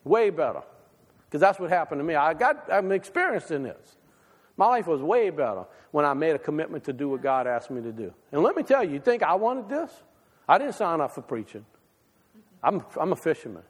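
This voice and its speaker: A man preaching a folksy, conversational sermon with a slightly high voice. His delivery swings between raised, emphatic lines and hushed ones. The sound carries a long reverb from a church hall. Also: very animated, brisk, husky. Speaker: pastor. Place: church sanctuary.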